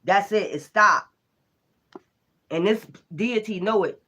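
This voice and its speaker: An animated tarot reader talking through a spiritual reading in a loose, casual way. The delivery is full of profane slang and frequent bursts of laughter. The energy stays lively and unfiltered. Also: medium pitch, measured pace.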